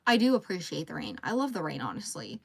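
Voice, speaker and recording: A woman's voice: sits low, very animated, quick pace, vocal fry, breathy edge. A woman, chatting casually on a livestream at home while she crochets. She rambles, reads out viewer comments and talks to her dog. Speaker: livestream host.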